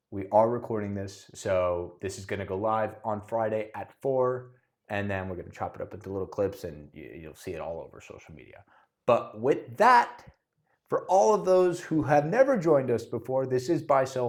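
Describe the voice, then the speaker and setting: Gravelly-voiced chatty man podcaster. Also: medium pitch, a little mellow. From Miami. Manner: chatty, self-interrupting, opinionated. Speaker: podcast co-host, realtor. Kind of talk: casual podcast chat.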